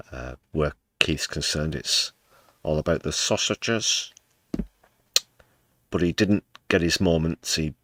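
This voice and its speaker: A man's voice: extremely low pitch, fairly bright tone, dry recording. A British man hosting a livestream, giving sarcastic, sweary commentary on the news and laughing at clips. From United Kingdom. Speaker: livestream host.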